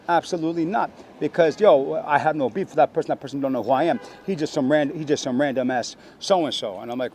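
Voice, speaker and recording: A man telling a story in animated, profane street slang. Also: mid-range voice, quick pace, slight background noise.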